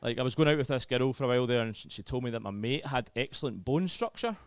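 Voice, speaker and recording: A young man from Scotland, speaking with a Scottish accent, performs a chatty stand-up set full of self-deprecating humor. His medium-pitched voice is fast and lively in intonation, and the recording is dry.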